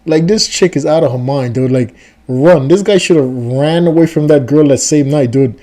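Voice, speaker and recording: Mellow-voiced man giving casual commentary. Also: a little high, moderate pace. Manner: dismissive, casual, keeps saying dude. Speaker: reaction video host.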